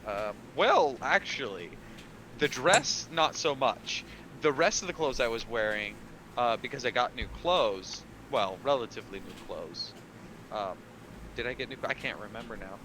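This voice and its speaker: A man playing a tabletop game, chatting casually and hesitantly while he thinks out loud. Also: medium pitch, lively intonation, normal speed, noisy background. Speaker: player.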